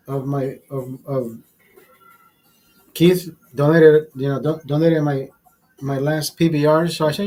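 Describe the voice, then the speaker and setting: A man casually telling a profane story in a vlog, animated and blunt. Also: a little high, a little slow, pauses often, faint music behind, rough recording. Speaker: vlogger.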